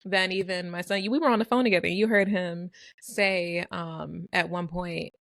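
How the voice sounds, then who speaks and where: A woman's voice: fairly low pitch, steady tone, normal speed, vocal fry, noisy background. A woman and mother co-hosting a casual podcast chat, telling family stories in a reflective way. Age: young adult to middle-aged, a mother. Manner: reflective, tells stories with little laughs. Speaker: podcast co-host.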